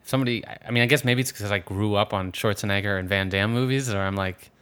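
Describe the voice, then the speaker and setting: A man's voice: lowish voice, fast, fairly bright tone, smooth. A man from the Philadelphia area chatting casually about a film as a podcast co-host, rambling with frequent restarts. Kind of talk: casual movie discussion.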